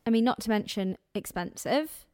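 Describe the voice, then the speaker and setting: Young woman, podcast co-host, lively chatter, slightly high voice, dry close sound. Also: normal speed, clear, resonant tone, no echo. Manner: chatty, exclaims and laughs a lot. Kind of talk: casual chat.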